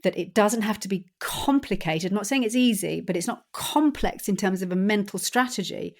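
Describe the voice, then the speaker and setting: A woman hosting a solo podcast, coaching listeners in a calm, deliberate way that often slows and softens. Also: medium pitch. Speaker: podcast host. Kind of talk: solo podcast talk on anxiety.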